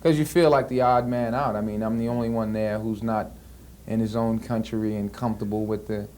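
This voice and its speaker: An American actor in his thirties answers interview questions casually, his fairly low, warm voice moving briskly but flatly, full of fillers and restarts. The archival tape carries a faint hiss.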